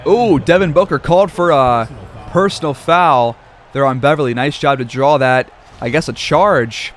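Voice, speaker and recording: A man's voice: medium pitch, slight background noise. A man calling a simulated basketball game play-by-play like a sportscaster, with casual asides. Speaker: gaming video creator.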